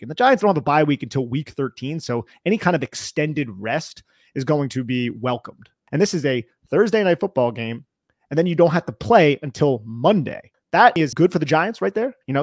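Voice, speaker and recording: A man's voice: on the high side, dry recording, clean studio sound. A man co-hosting a football podcast, breaking down the schedule in a casual, conversational way with some slang. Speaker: podcast co-host. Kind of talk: sports analysis chat.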